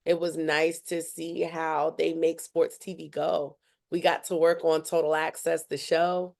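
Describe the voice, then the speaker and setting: A young woman, a student journalist, telling her story as a podcast guest in an animated way and acting out what others said. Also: deep voice, a little slow, gravelly. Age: young adult. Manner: animated, acts out other people's lines. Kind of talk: casual interview storytelling.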